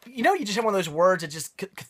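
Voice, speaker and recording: A young man chatting casually to camera as he unboxes tapes, excited and rambling, with frequent restarts. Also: high-pitched, rapid-fire. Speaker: vlogger.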